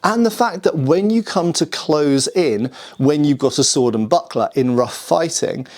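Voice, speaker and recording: A man's voice: on the high side, expressive, measured pace, a little mellow. A man from the United Kingdom, host of a sword history channel, talking casually to camera, thinking aloud and asking viewers what they think. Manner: chatty, thinking aloud, asks viewers questions. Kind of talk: casual explanatory talk to camera.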